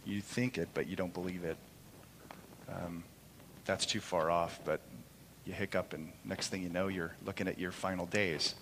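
A middle-aged man preaching a sermon in church, impassioned, moving between loud proclamation and soft, quiet storytelling. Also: low voice, fairly even intonation, normal speed, a little hiss or hum. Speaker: pastor. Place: church sanctuary during a service. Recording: long hall reverb.

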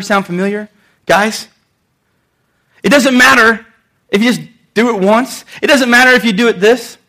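Man, pastor, high voice, emphatic sermon, punchy repetitions, talks straight to the crowd. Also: a bit bright.

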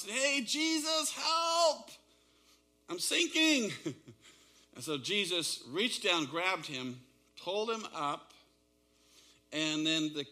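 Bright-voiced preacher retelling a story. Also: male voice, on the high side. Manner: animated, dramatic retelling with shifting pace. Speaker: pastor. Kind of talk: sermon storytelling.

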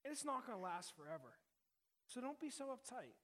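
Guy pastor in his 30s, high voice, sermon that feels like talking to friends. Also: sing-song, fairly quick, a bit bright. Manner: conversational preaching with emphatic repetition.

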